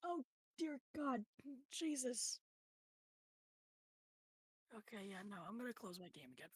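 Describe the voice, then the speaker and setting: A woman's voice: on the high side, sing-song, measured pace, pauses often, husky, no room sound. A woman livestreaming a game at her home computer, chatting casually with her audience, swearing freely and often dropping into whispered asides. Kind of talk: casual stream chat while gaming.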